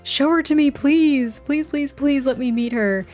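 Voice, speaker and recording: An eager young man from a life-sim game, as a woman puts him on, gushing and pleading to meet a friend's baby. The voice sits fairly high, with faint music underneath. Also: measured pace, darkish tone.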